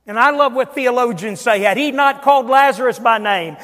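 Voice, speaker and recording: An older man, a pastor, preaching a sermon, swinging from booming emphasis down to hushed, near-whispered asides. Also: a little fast, hardly any pauses, long reverb tail. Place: church sanctuary.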